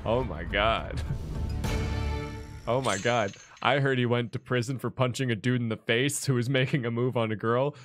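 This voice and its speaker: A man's voice: medium pitch, normal speed, fairly bright tone. A young man streaming a game, chatting casually in a joking, self-deprecating way with frequent laughs. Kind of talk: casual gameplay chat. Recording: game music behind voices.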